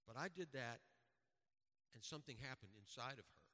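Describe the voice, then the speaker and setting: A man's voice: medium pitch, sing-song, moderate pace, sharp tone, in a large hall. A man preaching a sermon as pastor, earnest and exhorting, with direct repeated commands to his congregation. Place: church.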